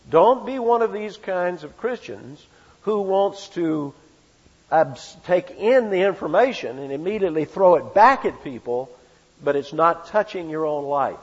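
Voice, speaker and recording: A man's voice: a little high, expressive, moderate pace. An older man preaching an expository sermon, emphatic and full of rhetorical questions and repeated phrases. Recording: reverberant hall, dull lo-fi sound.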